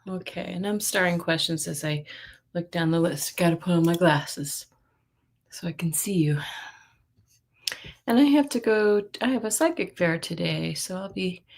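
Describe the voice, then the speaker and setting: Middle-aged woman, psychic live-stream host, casual chatty greetings, lowish voice, slow unhurried pace. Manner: chatty, greeting viewers by name with frequent laughs.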